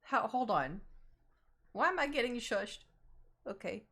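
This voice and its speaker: A woman's voice: a little high, sing-song, unhurried, bright, forceful tone. A young woman with a slight Southern American accent, streaming games and chatting casually, fretting over how she pronounces words. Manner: chatty, self-conscious about her pronunciation. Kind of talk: casual gaming stream chat.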